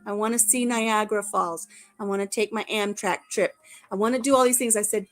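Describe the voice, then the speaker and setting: A woman's voice: mid-range voice, steady tone, brisk. A middle-aged woman chatting casually on her live stream. She rambles and jokes, laughing as she goes. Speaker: livestream host. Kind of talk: casual chat.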